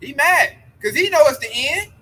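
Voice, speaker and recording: A man's voice: very high-pitched, animated, moderate pace, sharp tone, low-quality recording. A man preaching outdoors by a road, telling stories animatedly with profanity in casual chat. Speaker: street preacher.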